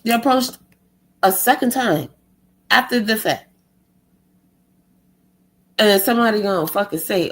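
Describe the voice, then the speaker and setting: A woman's voice: mid-range voice, lively intonation, unhurried, pauses often, low-quality recording. A woman ranting in a profane monologue, exasperated and sarcastic, firing off rhetorical questions. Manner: exasperated, sarcastic, heavy swearing; fires rhetorical questions, mocks others in a put-on tone. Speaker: vlogger.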